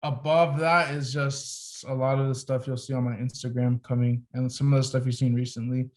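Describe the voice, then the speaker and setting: A young photographer guesting on a podcast speaks at normal speed in a mid-range voice, telling a lively, casual story heavy on "like."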